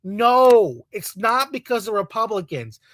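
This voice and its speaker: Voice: mid-range voice, big pitch swings, a little slow, fairly bright tone. A video creator ranting in a heated, profane way, repeating points over and over. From Latino community in the United States. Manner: angry, profane, repetitive rant.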